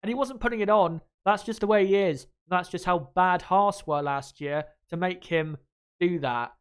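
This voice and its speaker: Rambling young Englishman, smooth voice. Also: high voice, normal speed. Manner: rambling, frank, swears freely, laughs easily. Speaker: channel host. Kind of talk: casual live commentary.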